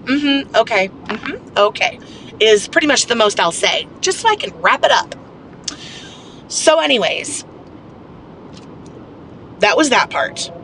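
A woman's voice: a little high, very animated, a little slow, pauses often, fairly bright tone, a little hiss or hum. A woman telling a personal story in a casual, candid vlog, rambling and venting with lots of fillers. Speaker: vlogger.

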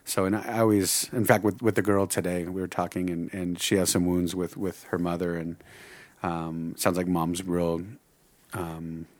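A man's voice: low-pitched, little pitch movement, moderate pace, a little mellow, no room sound. A middle-aged man, a Bible teacher, talking earnestly in casual conversation and rambling with many restarts.

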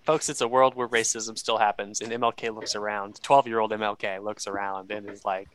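A man's voice: on the low side, little pitch movement, brisk, fairly bright tone, smooth. A man in casual chat, animatedly retelling a movie plot with laughs and acted-out lines.

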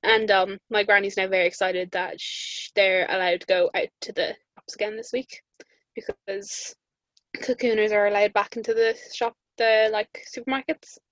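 A woman's voice: mid-range voice, fairly even intonation, normal speed, a bit bright, dry recording, highs cut off. A young woman with an Irish accent, chatting casually and telling stories full of "like" fillers and laughter. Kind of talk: casual chat.

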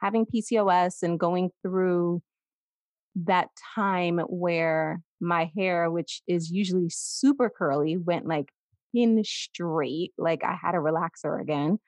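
A woman's voice: on the low side, takes it slowly, a little mellow, no room sound. A woman in her forties co-hosting a podcast, telling stories in casual conversation and acting out the voices she quotes. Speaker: podcast co-host.

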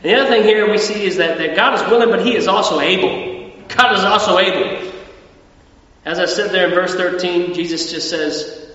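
An Australian pastor preaches a conversational sermon in church, repeating words and using many fillers. His high voice is sharp-toned at normal speed. The recording sounds dull and distant, with an echoey hall.

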